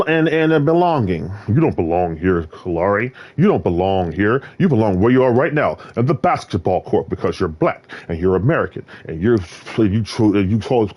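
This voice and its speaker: Animated ranting male streamer. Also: fairly low pitch. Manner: swings between ranting and muttering. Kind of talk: rambling stream chat.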